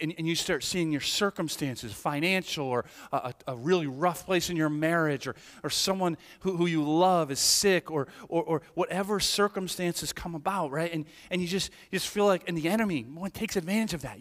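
Pastor, male, sermon delivery; fairly high voice, animated hushed-to-emphatic swings, stumbling restarts, long hall reverb. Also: normal speed.

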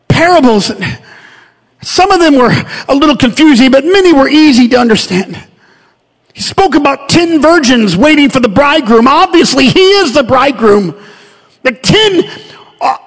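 A pastor with a strikingly high voice delivers a sermon, moving between quiet storytelling and loud, shouted calls to his listeners. His voice rings out with a long tail of reverb in a church sanctuary. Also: moderate pace. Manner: builds from calm storytelling to shouted, high-pitched preaching.

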